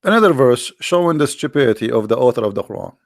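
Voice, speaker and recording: A man's voice: medium pitch, lively intonation, creaky, dry recording, clean studio sound. Sarcastic man in mocking commentary. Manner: mocking, repetitive, halting non-native English. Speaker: religious debate host.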